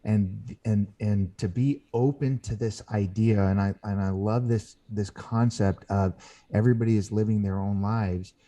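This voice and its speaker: A man with a very dark, mellow, low-pitched voice. He speaks as a guest in a podcast interview. He tells his stories earnestly, stopping and restarting mid-sentence. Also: steady tone. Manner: earnest storyteller who acts out quoted voices; halting, with frequent restarts. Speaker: guest author.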